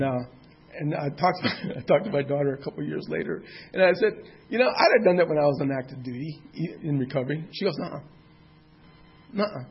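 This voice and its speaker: At a recovery meeting, a man in his sixties shares his own recovery story as personal testimony, speaking candidly and plainly and cursing mildly now and then. He has a mid-range voice, captured in lo-fi sound with slight background noise.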